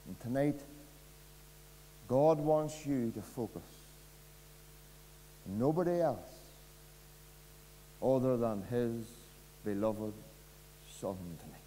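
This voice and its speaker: A man with a Northern Irish accent preaching an evangelistic sermon, earnest and pleading, dropping to a hush and rising again. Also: medium pitch, slow, pauses often, a little hiss or hum. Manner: earnest, pleading, dramatic swings from loud to hushed. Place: church. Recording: long reverb of a church hall.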